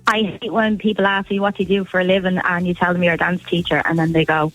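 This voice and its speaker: A woman's voice: fairly low pitch, little pitch movement, fast talker, fairly bright tone, soft background music, rough recording. A woman calling in to a radio show, amused and laughing. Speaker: caller.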